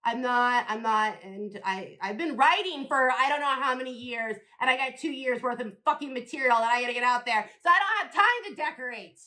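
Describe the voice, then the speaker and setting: A woman's voice: a little high, animated, a little fast, hardly any pauses, sharp tone. A woman comedian and podcast host delivering a rambling, profane, provocative stand-up rant.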